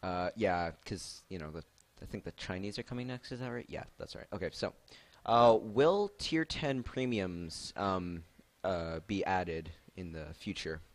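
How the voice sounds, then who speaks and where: Low-voiced rambling stream host. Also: male voice, expressive, a little slow. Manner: rambling, filler-heavy, laughs a lot. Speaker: stream host asking questions. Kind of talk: casual Q&A on a live stream.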